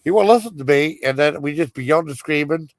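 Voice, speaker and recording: A man's voice: fairly high pitch, fast talker, no room sound. A man telling a rambling story on a live stream, frustrated and cursing freely as he goes. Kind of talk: casual storytelling chat.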